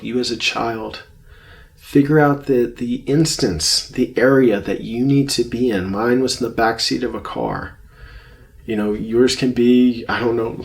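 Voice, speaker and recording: A man teaching a self-help course lesson on anxiety, speaking in a gentle, reflective way and often repeating phrases for emphasis. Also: medium pitch, gravelly. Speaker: course instructor.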